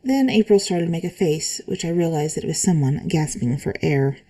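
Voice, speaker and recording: A woman reading spooky stories aloud in a calm, even way, adding short comments of her own. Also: deep voice, fairly quick, rough recording. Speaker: reader of online stories.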